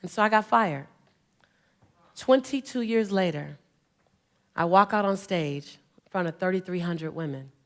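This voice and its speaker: A woman in her forties giving a stage motivational talk, telling stories with animated call-and-response and rousing, emphatic exhortation. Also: lowish voice, unhurried, pauses often. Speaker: motivational speaker. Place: on stage before a large audience.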